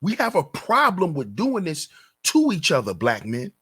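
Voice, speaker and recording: Guy ranting on his channel, husky voice swinging all over, keeps repeating questions for emphasis. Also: a little high, wildly swooping pitch, moderate pace, fairly bright tone. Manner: emphatic, repetitive rhetorical questions. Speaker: channel host. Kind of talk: commentary rant.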